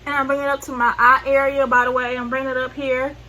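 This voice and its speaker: Soft music plays under this rough recording of a woman talking fast in a high, sharp, level voice. She's a Southern-accented beauty vlogger walking through a makeup tutorial, chatty and slangy, correcting herself and drifting off mid-sentence.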